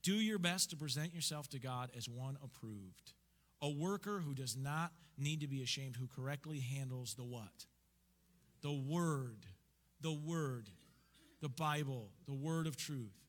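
A man preaching a sermon as pastor, emphatic and lively, asking the congregation questions and answering them himself. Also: medium pitch, unhurried. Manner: energetic, emphatic preaching with call-and-response questions. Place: church sanctuary. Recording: church hall reverb.

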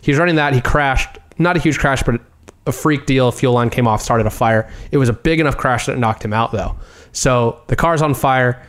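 A man's voice: mid-range voice, normal speed. Male podcast guest, mid-range voice, easygoing detailed storyteller. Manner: relaxed storyteller, explains in detail. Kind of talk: casual chat.

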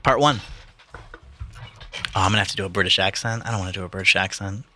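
A man hosting a casual podcast with friends, swearing freely and trailing off with fillers, who slows into a measured read when reading a novel aloud. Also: low-pitched, sharp tone, a little hiss or hum.

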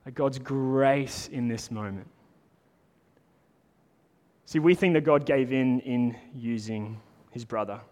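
A man preaching a sermon in a casual, animated way, talking to the congregation like friends. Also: medium pitch, slow pace, long pauses. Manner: conversational, animated preaching with lots of "like". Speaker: pastor. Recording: long hall reverb.

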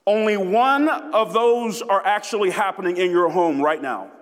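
A man preaching a sermon as pastor, emphatic and deliberate, repeating key phrases for weight. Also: high-pitched, long reverb tail.

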